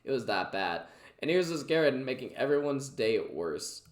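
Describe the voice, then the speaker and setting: A man's voice: medium pitch, very animated, normal speed, roomy sound, heavy background noise. A man casually reacting to clips, chatty and full of fillers. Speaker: reaction video host.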